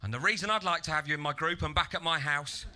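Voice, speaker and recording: A man's voice: a little high, fast, background noise, close to an everyday voice. A man doing a smarmy, leering male judge.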